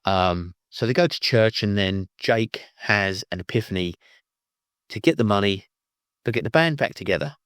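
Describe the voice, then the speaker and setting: A man's voice: fairly low pitch, expressive, moderate pace, fairly bright tone, clean tone, no room sound, clean studio sound. A man reviewing a film, retelling the plot in a rambling, casual way with many restarts.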